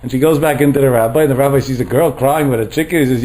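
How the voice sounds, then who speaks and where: A man giving a Torah lecture as a rabbi, telling a story in an animated way and mixing Hebrew terms into his English. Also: medium pitch, rapid-fire, rough recording.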